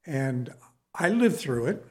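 A man's voice: mid-range voice, sing-song, slow. A middle-aged man preaching a sermon, telling his own story in a conversational way and asking the listeners questions.

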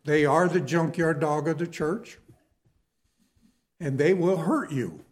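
Middle-aged male preacher, storytelling sermon, slow delivery, slightly high voice, asks the congregation questions. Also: a little hiss or hum.

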